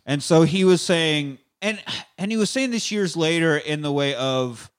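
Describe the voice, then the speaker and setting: Rambling, profane young podcast host. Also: male voice, a little high, lively intonation, a little slow, clear, resonant tone. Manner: rambling, profane, uses many fillers. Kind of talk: casual chat, retelling a film.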